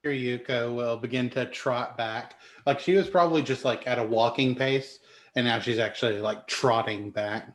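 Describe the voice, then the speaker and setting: A man's voice: medium pitch, moderate pace, echoey room. Laid-back male tabletop player. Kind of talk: casual tabletop play.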